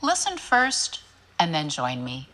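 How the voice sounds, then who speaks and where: A woman on a recorded guided voice exercise, giving calm, measured instructions and singing warm-up syllables. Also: sits low.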